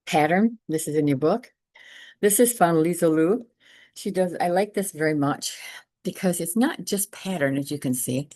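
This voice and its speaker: A woman art teacher walks through slides in a casual, chatty lecture, repeating points and gushing over examples. Her voice sits low. The sound is dry and close, with no room around it. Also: dark tone, dry recording. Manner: enthusiastic, repeats herself, brisk asides.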